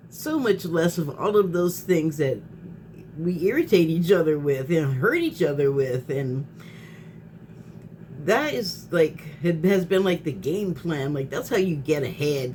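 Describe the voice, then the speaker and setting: A woman's voice: low-pitched, lively intonation, measured pace, a little mellow, a little hiss or hum. A woman vlogger in a casual spoken monologue who rambles, restarts her sentences, laughs often and gets heated.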